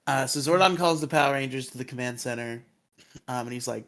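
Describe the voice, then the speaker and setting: A man in relaxed podcast chat, walking through a plot with frequent laughter. He throws in goofy voices when he quotes characters. His pitch sits right in the middle. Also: fairly quick. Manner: laughs often, acts out quotes in silly voices. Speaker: podcast co-host recapping episodes. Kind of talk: casual chat, episode recap.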